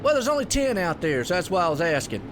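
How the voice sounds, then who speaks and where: A man calls a sim race in a high, excitable voice, full of folksy sayings. His voice jumps up on the big moves. A steady noisy hum sits under the recording. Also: quick pace. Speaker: race commentator. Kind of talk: sim racing play-by-play commentary.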